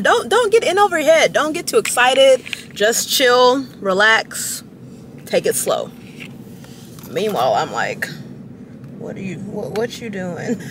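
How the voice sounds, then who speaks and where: A young woman chatting to camera from her parked car, rambling and giggly with dramatic high squeals. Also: a bit bright, a little hiss or hum. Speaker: vlogger. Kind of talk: casual chat to camera.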